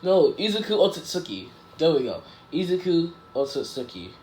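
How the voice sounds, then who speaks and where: A man casually improvising a fan story out loud, rambling and correcting himself as he goes. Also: a little high, sing-song, moderate pace. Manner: rambling, self-correcting, lots of "like" and "um". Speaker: YouTuber telling a fan story. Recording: echoey room with faint background noise.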